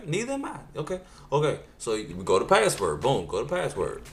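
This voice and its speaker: A male comedian in the middle of his register tells a story. His delivery is animated and punchy, with exasperated asides that jump up in pitch. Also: brisk. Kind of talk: stand-up storytelling.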